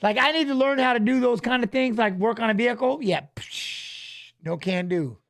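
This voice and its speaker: Brief: high-pitched male host, casual rambling watch-along chat, keeps saying "you know what I mean". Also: moderate pace, gravelly, fairly bright tone. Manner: loose, rambling, chats with viewers, reads fighter stats aloud.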